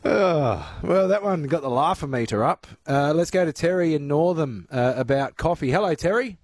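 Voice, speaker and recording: A man's voice: fairly high pitch, animated, moderate pace, darkish tone, dry recording. An Australian man hosting talkback radio, chatting with callers and reading out listener messages. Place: radio studio.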